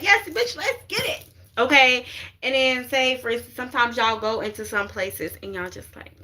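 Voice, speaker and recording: Woman spiritual reader, livestream talk; bright, forceful tone, slightly high voice, profane and quick to laugh. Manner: animated, profane, laughs often; frequent "you get what I'm saying" asides.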